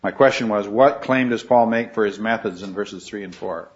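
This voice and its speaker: A man's voice: on the low side, normal speed. A man leading a Bible study class, asking questions and repeating the students' answers. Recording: slightly dull recording.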